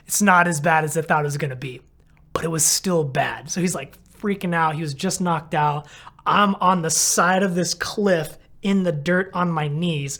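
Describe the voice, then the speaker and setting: A physical therapist casually retells a story, rambling and peppering it with "like" as he acts out his own thoughts. His voice is high and fairly bright.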